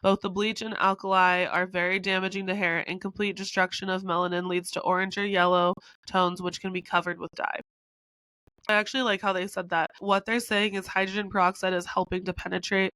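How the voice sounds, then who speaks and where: A young woman hosting a casual beauty education podcast, chatty and long-winded, her voice hoarse and congested from being sick. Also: medium pitch, little pitch movement, fairly quick, pushed and bright, no echo, low-quality recording. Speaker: podcast host, brow artist.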